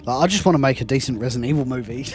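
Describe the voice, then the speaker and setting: A man's voice: mid-range voice, rapid-fire. A young man giving rambling, self-deprecating commentary while playing a game, laughing often. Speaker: fan film director and game streamer. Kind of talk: casual gameplay commentary.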